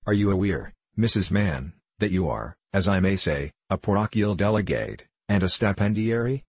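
A man's voice: sits low, animated, normal speed, slightly rough, no echo, exaggerated voice. A man voicing a fat, hot-tempered parish beadle who speaks with pompous self-importance. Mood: indignant. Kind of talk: audiobook character voice.

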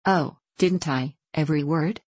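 A woman's voice: low voice, measured pace, a little mellow, slightly rough, no room sound. A woman doing a smug teasing boy. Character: mischievous teasing boy, cocky and bossy.

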